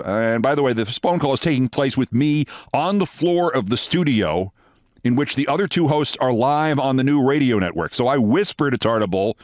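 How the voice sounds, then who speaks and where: An older man hosting a show, telling a long anecdote in a lively way and acting out the dialogue. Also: medium pitch, moderate pace, no room sound, studio quality. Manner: lively storyteller, acts out quoted dialogue. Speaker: host. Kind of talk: storytelling anecdote.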